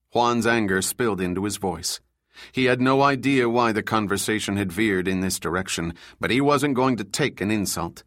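In a fairly low voice, a man reads scripted audiobook narration in a steady, measured way. The audio is studio quality, without any echo.

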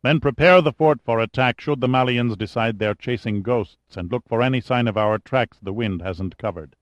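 A man voicing a calm, decisive colonel in a measured, authoritative manner. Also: medium pitch, no room sound, lightly acted.

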